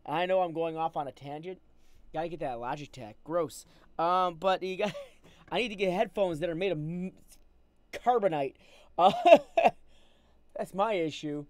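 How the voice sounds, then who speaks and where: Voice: mid-range voice, normal speed, pauses often, darkish tone, dry recording. A live streamer in a casual, agitated rant, upset and restarting often, talking through wired earbuds. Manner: agitated, ranting, with many restarts. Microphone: wired earbuds with mic.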